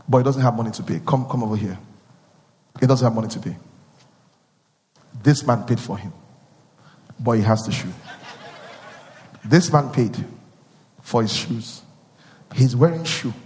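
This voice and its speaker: With a long reverb trailing every word, a medium-pitched male preacher moves from calm instruction into singing and shouting climaxes. His sermon leans on repeated phrases and questions aimed at the congregation.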